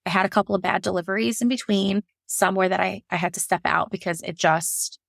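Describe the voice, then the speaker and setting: A woman who works as a labor and delivery nurse opens up as a podcast guest about a painful personal experience, speaking frankly and emotionally while she rambles and starts over as feelings rise. Her mid-range voice has a gravelly fry and moves quickly, and she drops into animated voices when quoting herself. The recording is close and dry, with no room sound.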